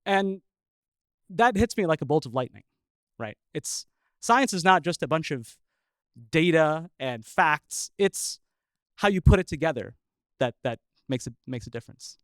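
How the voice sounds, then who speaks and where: A man who is a scientist telling a personal story live, chuckling often and pausing with filler uhs. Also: a little high, expressive, fairly bright tone, no room sound.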